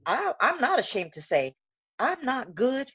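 Woman in her thirties, husky, lively and profane, on dull lo-fi audio. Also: sits high, unhurried. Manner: profane, loud laughing, animated storytelling. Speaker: podcast host. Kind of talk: casual chat.

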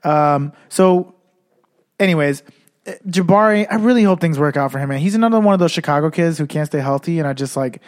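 Male podcast co-host, slightly high voice, loose, profane, tipsy sports talk. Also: a little fast. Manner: rambling, profane, many restarts. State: been drinking. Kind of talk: casual sports chat.

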